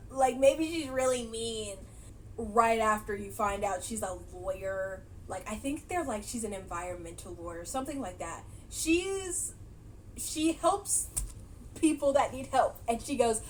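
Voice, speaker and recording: A woman's voice: fairly high pitch, animated, a little slow, slight background noise, poor audio. A woman casually recapping a movie she watched, chatty and laughing often, with many fillers. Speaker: movie reaction vlogger.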